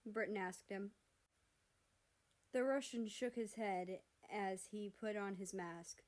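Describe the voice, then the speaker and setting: A woman narrating fan fiction aloud in a steady, measured storybook reading. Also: mid-range voice.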